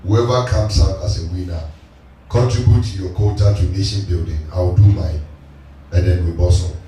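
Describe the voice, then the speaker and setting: A man's voice: deep voice, moderate pace, mellow, slight background noise. A man preaching a sermon, leading a Bible reading by repeating each line the reader gives. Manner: teaching call-and-response, repeating reader's lines. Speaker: pastor. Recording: echoey church hall, distant mic, music behind.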